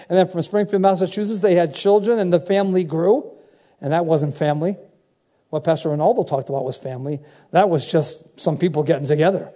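A man's voice: sits high, mellow. A man in his seventies preaching a sermon, emphatic, repeating phrases and calling out to his congregation. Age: 70s.

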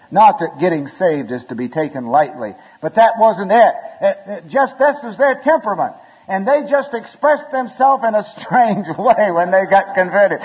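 A man preaching a sermon in a church, telling wedding stories with chuckles and building to shouted appeals. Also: high voice, very animated, normal speed, husky. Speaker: pastor. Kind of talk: storytelling sermon. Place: church sanctuary. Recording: lo-fi recording with long hall reverb.

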